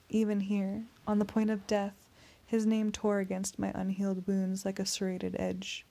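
A woman narrating a first-person audiobook in a steady, tense storytelling voice. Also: mid-range voice, moderate pace, vocal fry, few pauses.

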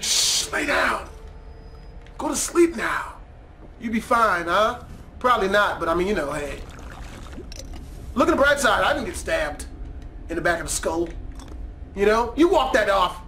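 A man giving profane, excitable let's play commentary, trash-talking the game and yelling suddenly. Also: high-pitched, unhurried, long pauses, a little hiss or hum. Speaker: gamer.

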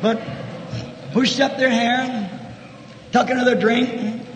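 A man with a very high, ringing voice preaches a fervent sermon in a large church. He swings between shouted peaks and quiet, intimate asides. The old recording carries a long hall reverb and a faint hiss underneath. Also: flat delivery, measured pace.

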